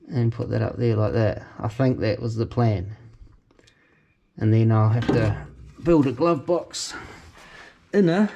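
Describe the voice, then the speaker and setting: A man with a New Zealand accent talks through his car build in a garage, rambling and correcting himself as he goes. His pitch sits in a middling range. There is a faint hiss of noise behind him, and he speaks into a camera he holds himself. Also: dark tone. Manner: rambling, thinks aloud, self-correcting. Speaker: car restoration channel host. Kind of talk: casual workshop vlog. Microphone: handheld camera mic.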